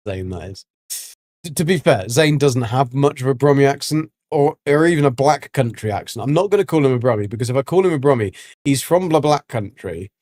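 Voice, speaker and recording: A man's voice: medium pitch, expressive, moderate pace, a little mellow, no echo. Guy rambling through a game stream, lots of ums, mid voice, dry sound. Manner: rambling and chatty, with many ums and restarts. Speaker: livestreaming gamer. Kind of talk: casual livestream chat while gaming.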